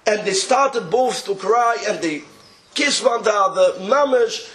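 A man with a Yiddish accent telling a rabbinic tale in an animated way, chuckling as he goes and mixing in Yiddish and Hebrew words. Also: sits high, measured pace, echoey room, a crowd in the background. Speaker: storyteller.

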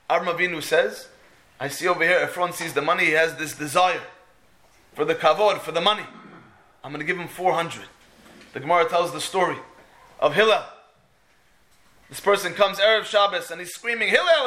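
A man teaches a Torah lesson through stories, firing questions at his listeners and answering them himself. His voice sits high and sounds bright and forceful. He talks in a lively, storytelling way. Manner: animated, asks and answers his own questions, mixes in Hebrew phrases.

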